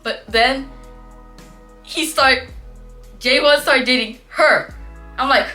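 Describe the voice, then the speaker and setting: A young woman casually telling a story, chatty and animated, acting out what classmates said in playful voices. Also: sits high, slow pace. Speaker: vlogger. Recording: faint background music.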